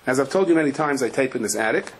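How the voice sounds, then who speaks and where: Animated storytelling rabbi, faint hiss. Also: male voice, medium pitch, very fast. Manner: animated storyteller, acts out voices, shouts in quotes. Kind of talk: Torah lecture with stories. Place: attic room.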